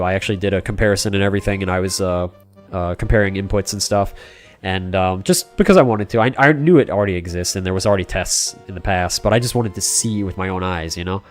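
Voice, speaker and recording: A man streaming a retro game live, chatting casually with viewers, rambling with many fillers and restarts. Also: lowish voice. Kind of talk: casual live-stream chat while playing.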